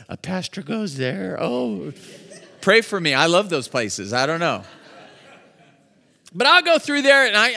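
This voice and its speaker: Man, pastor, high voice, bright tone, chatty sermon, storytelling with fillers and restarts. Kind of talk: casual conversational sermon. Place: church service.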